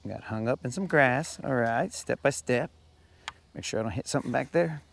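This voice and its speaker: Man, casual fishing chat, laid-back, mid-pitched voice, outdoors on a boat, faint crickets and insects behind. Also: lively intonation, moderate pace, vocal fry, a little hiss or hum. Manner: laid-back, chatty, says "bro" often. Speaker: fishing streamer. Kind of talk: casual live-stream chat while fishing.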